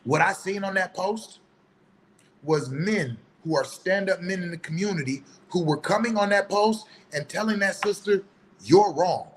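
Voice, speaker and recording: A man's voice: sits high, moderate pace, fairly bright tone, a little hiss or hum, rough recording. A man giving a heated, preachy opinion monologue in casual, colloquial speech. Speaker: online commentator.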